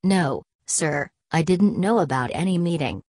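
A young new worker answers hesitantly and politely, read by a woman. The voice is low. The recording is dry and close. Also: expressive, measured pace, a little mellow, husky, no echo, heavily acted. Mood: nervous. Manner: hesitant, deferential.

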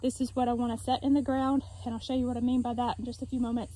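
Here a gardening vlogger speaks quickly and flatly in a mellow, fairly high voice, chatting to the camera as she explains each task in her backyard garden. She's sometimes out of breath. The recording quality is rough.

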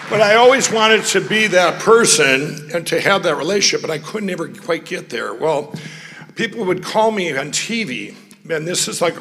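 A man's voice: a little high, sharp tone. A man from Minnesota, telling rambling stories in a speech, often sidetracked and laughing. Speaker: guest speaker. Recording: long hall reverb.

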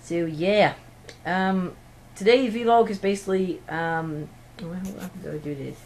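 A man's voice: sits high, unhurried, a little mellow, slight background noise. A teenage boy, rambling through a casual home vlog recorded on an iPod, giggly and self-mocking. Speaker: vlogger.

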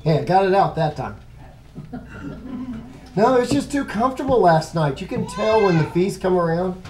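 A man's voice: sits high, animated, normal speed, a little mellow, slight background noise, rough recording. A middle-aged man teaching a casual Bible lesson, rambling and conversational, often stopping to correct himself.

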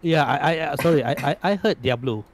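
Animated stammering man running a game. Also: a little high, fast talker, a crowd in the background. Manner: stammering, lots of restarts and laughs. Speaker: game master. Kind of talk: narrating and voicing characters in a tabletop game.

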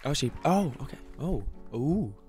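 A man's voice: a little high, lively intonation, a little slow, darkish tone, a faint crowd. A man, a musician, chatting casually as he reacts to a music video, gushing and repeating short exclamations of delight.

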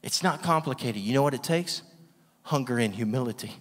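In a church hall with long reverb, a guest preacher's expressive, fairly bright mid-range voice moves quickly as he preaches with energy. He leans on emphasis, poses rhetorical questions, and laughs a lot.

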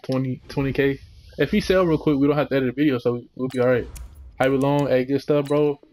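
A young man giving casual, slangy commentary while opening packs in a video game, relaxed but breaking into excited outbursts. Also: medium pitch, quick pace. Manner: laid-back slangy chatter, sudden excited outbursts. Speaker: gaming channel host.

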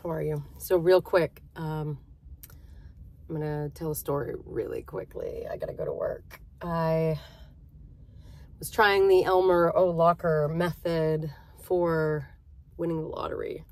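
A woman talks to her viewers like friends, spinning a personal story in a loose, chatty vlog style. Her voice sits a little low for a woman. She fills pauses and keeps checking in with her audience. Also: fairly even intonation, a little mellow. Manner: chatty, conversational, with fillers and direct address. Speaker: vlogger. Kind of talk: casual storytelling to camera.

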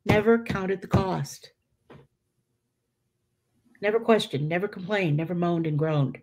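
A middle-aged woman leads a religious study in an easy, conversational way. Her voice sits on the lower side, and her speech is loose, full of fillers and self-corrections. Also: measured pace, darkish tone, a little hiss or hum. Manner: conversational, many fillers and restarts, acts out quoted voices. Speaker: Catholic teacher leading a prayer study. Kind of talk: informal religious teaching.

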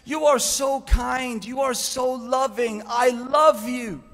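A woman's voice: high-pitched, steady tone, slow, voice pushed up. A man playing a starstruck airline counter lady who gushes with affection, breathless and overwhelmed. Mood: gushing. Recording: reverberant church hall.

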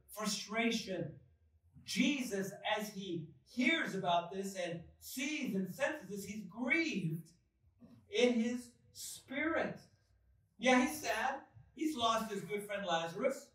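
A male pastor preaching a sermon, slow and deliberate, with dramatic pauses and swells of emphasis. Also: high voice, fairly bright tone. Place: church sanctuary. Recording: echoey church hall from far off.

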